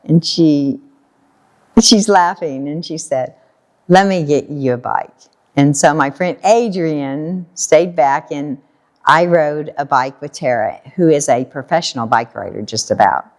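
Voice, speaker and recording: An American woman telling a personal story in a casual talk, animated and laughing often while she acts out what people said. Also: low voice, unhurried. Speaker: guest storyteller.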